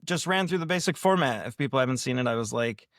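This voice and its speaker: A man's voice: medium pitch, lively intonation, fast, a bit bright, no echo, clean studio sound. A man guesting on a podcast, telling a story casually in a rambling, self-deprecating way and acting out what he and others said. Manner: rambling, self-deprecating, acts out quoted lines. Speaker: podcast guest, prank video creator.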